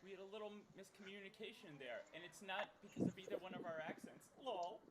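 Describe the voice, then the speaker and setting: A man's voice: high voice, brisk, heavy background noise. A man hosting a live stream in casual chat, joking and reading out the chat. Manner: jokey, reads chat aloud, laughs often.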